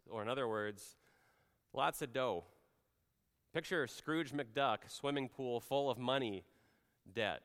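A man preaching a sermon as pastor, conversational, often slowing and dropping to a quiet voice for emphasis. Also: on the low side, clean tone, long reverb tail. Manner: conversational, drops soft and slow for emphasis.

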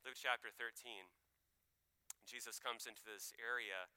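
A man preaching a sermon in an animated, conversational way, acting out voices as he tells the story. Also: medium pitch, unhurried, clean tone. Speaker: pastor.

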